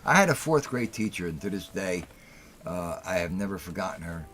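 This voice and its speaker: Deep-voiced, blunt middle-aged male host. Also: lively intonation, fairly quick, a bit bright, slight background noise. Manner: heated storytelling, blunt and profane, repeats himself for emphasis. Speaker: talk show host. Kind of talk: casual call-in show monologue.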